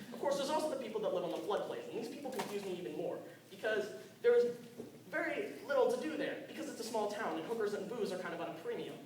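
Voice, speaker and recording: A teenage boy doing a stand-up monologue at an open mic, nervous and self-deprecating, often stumbling over his words. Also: high voice. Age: teens. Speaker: student comedian. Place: school hall with audience. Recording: echoey hall from far off, crowd.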